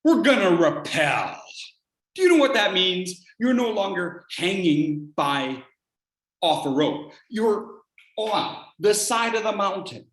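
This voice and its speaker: Animated storyteller in a roomy hall. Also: medium pitch, slow pace. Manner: animated, acts out scenes, shifts from hushed to shouting. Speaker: speech contest speaker. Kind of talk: dramatic storytelling speech. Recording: roomy echo.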